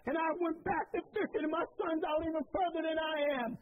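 A middle-aged man preaching a sermon, telling a story with repeated phrases and building to shouts. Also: extremely high pitch, level tone, brisk, hardly any pauses. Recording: tinny phone-like sound.

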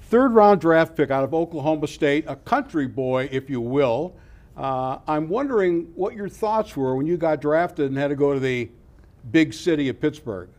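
A man's voice: a little high, expressive, normal speed, a little mellow. Polished male sports radio host. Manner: polished, welcoming. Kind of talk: interview host.

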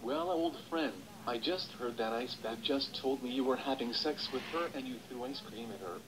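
A man's voice: mid-range voice, normal speed, background noise, lightly acted. A male text-to-speech voice playing a stern cartoon doll who scolds and threatens. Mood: scolding.

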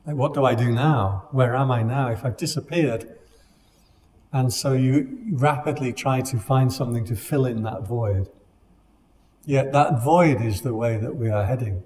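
A man giving a dharma talk to a meditation class, speaking in a calm, conversational way with gentle humor. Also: medium pitch, unhurried, a little hiss or hum. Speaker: meditation teacher. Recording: long hall reverb.

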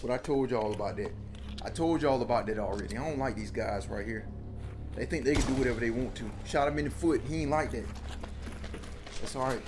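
A man doing casual gameplay commentary, excitable, often yelping and shouting at enemies. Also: mid-range voice, brisk. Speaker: gaming video host. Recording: noisy game capture.

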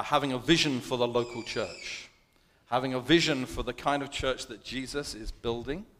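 A man with a London accent preaches in a loose, chatty way and pokes fun at himself. His voice sits at an everyday middle pitch. A long reverb from a large hall trails after his words. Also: fairly bright tone. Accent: London English. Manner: chatty, self-deprecating. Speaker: guest preacher. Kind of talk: sermon.

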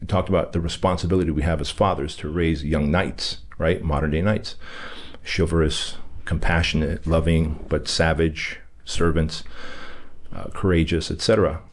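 A man with a low, deep voice speaks as a podcast guest. Originally from Armenia, he tells a personal story in a candid, emphatic way, acting out the dialogue with the people in it. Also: fairly even intonation, moderate pace.

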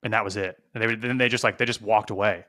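A young adult man casually telling funny stories on a podcast, animated and profane, with frequent restarts. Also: lowish voice, fast. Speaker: podcast co-host. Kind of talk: casual storytelling chat.

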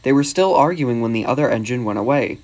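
A man narrating a children's storybook in a steady, measured reading. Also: medium pitch.

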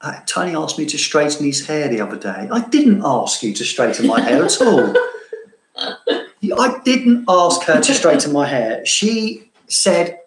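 A man from southeast London with a London accent softened by Cambridge, chatting casually and self-mockingly to viewers as he answers their questions, laughing often. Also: on the high side, big pitch swings, a little slow, roomy sound, rough recording. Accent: London with a bit of Cambridge. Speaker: fragrance vlogger.

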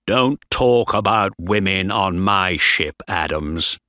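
A man voicing a strict, stern ship's captain who barks orders at his crew in a slow, dry storybook reading. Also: sits low, pushed and bright, dry recording, exaggerated voice. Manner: barking orders.

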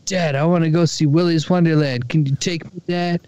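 A man voicing his friend's excited pet dog, pleading eagerly like a small child. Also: a little high, a little fast, smooth, dry recording, muffled recording, voice pushed up, close to an everyday voice.

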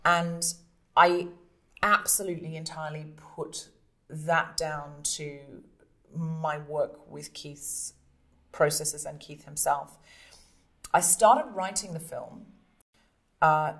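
A woman comedian and podcast host telling stories in an interview, animated and acting out scenes with voices. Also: low voice. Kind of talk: storytelling interview.

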